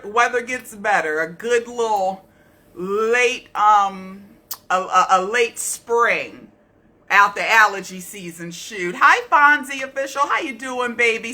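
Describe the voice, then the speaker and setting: Woman, livestream host, casual chat, bright, high. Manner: chatty, greets viewers with terms of endearment.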